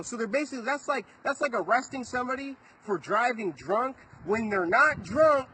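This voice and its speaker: A man's voice: very high voice, animated, moderate pace, hardly any pauses, bright, forceful tone, slight background noise, low-quality recording. A man vlogging, agitated and rambling as he retells events to the camera, swearing often. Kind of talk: casual storytelling to camera.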